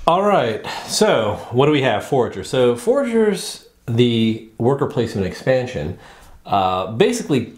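A man's voice: medium pitch, very animated, a little slow, echoey room. A male host casually explaining a board game, rambling with lots of fillers and restarts. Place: indoors at a game table.

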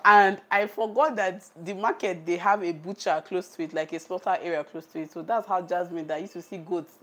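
Cooking live on a tripod camera, a Nigerian-accented woman chats casually and laughs a lot, reading comments aloud and speaking with her viewers. Her lowish voice is steady, fairly quick and a bit bright.

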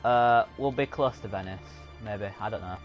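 A man with a lowish voice and moderate pace chats casually over his own gameplay as a streamer. The let's-play commentary is rambling and self-correcting, with game music behind it.

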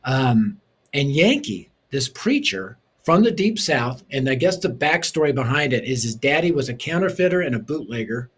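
Punchy, lively storytelling man. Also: mid-range voice, moderate pace, breathy edge. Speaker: guest, preacher and author. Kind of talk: storytelling interview.

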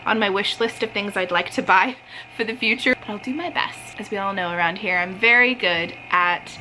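A woman's voice: medium pitch, normal speed, sharp tone, slight background noise, low-quality recording. A young woman from Ohio chatting bubbly and casually as she shows her shopping haul and crafts in her vlog. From Ohio, USA. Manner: chatty and bubbly, often laughing. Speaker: vlogger.

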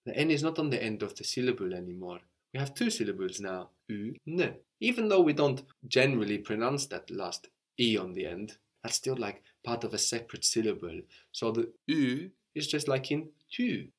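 A man's voice: mid-range voice, big pitch swings, moderate pace, few pauses. A man teaching a language lesson, explaining step by step in a patient way and often checking in with a questioning "no?".

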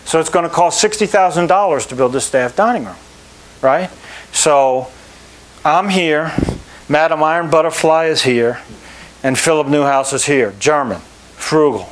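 A middle-aged man, a club manager, telling lively anecdotes to an audience and acting out the people he quotes. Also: a little high, normal speed. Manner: animated storyteller, acts out quoted people. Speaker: country club general manager.

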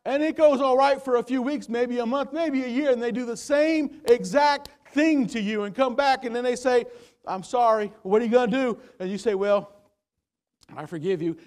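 High-pitched preacher man in a church, gets loud then drops low and quiet, repeats words now and then. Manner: preaching with swings between loud emphasis and quiet low passages; repeats words while gathering thoughts. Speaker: pastor. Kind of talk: sermon. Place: church sanctuary.

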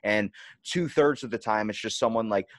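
A man's voice: on the low side, moderate pace, no room sound. A young man hosting a podcast, talking bluntly in a rambling, casual way with crude jokes. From United States. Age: young adult. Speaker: podcast host.

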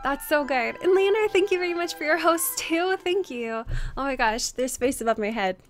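Chatting casually with viewers while she streams a game, a young woman speaks into a headset in a very high-pitched voice with a steady tone and normal speed. Soft music plays in the background. Her voice is strained from screaming the day before, and she greets people by name with lots of fillers.

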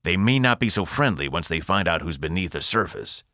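Man voicing a gravelly, sneering phantom father. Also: sits low, expressive, a little fast, sharp tone, dry recording, clean studio sound. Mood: taunting. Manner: taunting, cold.

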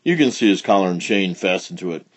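A man reading a children's storybook aloud, voicing a cross, gruff orchard farmer who speaks curtly. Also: low voice, lively intonation, quick pace. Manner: curt and cross.

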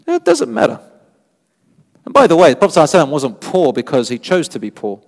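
Male sheikh, mosque sermon, expressive storytelling delivery with Arabic quotations, slightly high pitch. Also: rapid-fire, long pauses. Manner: animated storytelling, rising emphasis, quotes Arabic scripture. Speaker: sheikh giving a mosque lecture. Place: mosque lecture hall. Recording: long hall reverb.

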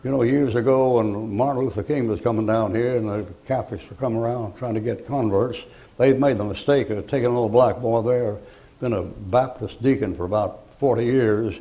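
Gravelly older man preaching folksy. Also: mid-range voice, brisk, mellow. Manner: homespun, joking, rambling storyteller. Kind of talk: folksy sermon.

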